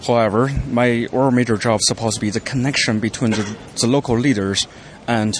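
A man's voice: medium pitch, steady tone, fairly quick, slight background noise. A man answering interview questions as a regional coordinator, speaking hesitantly with fillers.

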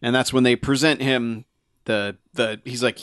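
A man's voice: medium pitch, steady tone, fairly bright tone, smooth, no echo. Man recapping a movie, dry sound. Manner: retells scenes with quick acted-out quotes. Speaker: podcast co-host. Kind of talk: casual movie recap chat.

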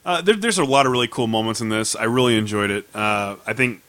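A man's voice: fairly low pitch, fast talker, a bit bright, no echo. A man hosting a casual chat, upbeat and steering the talk. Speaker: podcast host.

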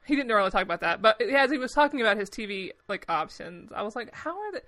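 A young woman co-hosting a podcast, telling stories in a rambling, animated way with frequent swearing. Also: mid-range voice, fast. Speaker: podcast co-host. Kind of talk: casual chat.

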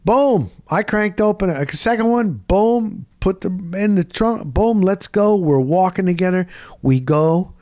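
A middle-aged man, telling a rambling story in casual chat, dropping "boom" into his sentences. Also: a little slow, no room sound, studio quality. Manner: animated, punctuates with "boom". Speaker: sports radio co-host.

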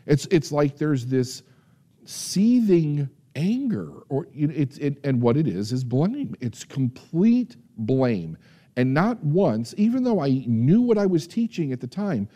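A man telling a personal success story as a motivational speaker, acting out the voices in his dialogue with dramatic pauses. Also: mellow. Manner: storytelling, acts out quoted dialogue with shifting pitch and dramatic pauses. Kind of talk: personal story told to an audience.

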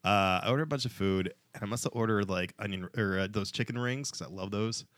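A man's voice: lowish voice, fast, fairly bright tone, no room sound. A young man telling a rambling story in casual podcast chat, laughing and padding his talk with fillers.

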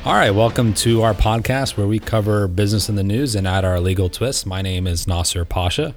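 A man with a somewhat low voice co-hosts a podcast in relaxed, chatty conversation. He is getting over a cough and talks around a cough drop, tossing in quick asides and laughs. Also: soft background music. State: has a cough, cough drop in mouth. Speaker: podcast co-host. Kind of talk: casual chat.

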